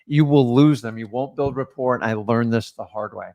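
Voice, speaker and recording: A man's voice: mid-range voice, normal speed, dark tone, dull audio. A middle-aged man co-hosting a casual real estate coaching chat, earnest and advice-giving, talking straight to viewers. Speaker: co-host, real estate investor.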